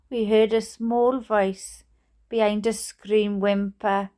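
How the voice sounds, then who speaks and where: A woman's voice: fairly high pitch, slow, a little mellow. A Welsh woman reading a book aloud, given to fits of giggles. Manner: giggly, breaks into laughter. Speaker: storyteller.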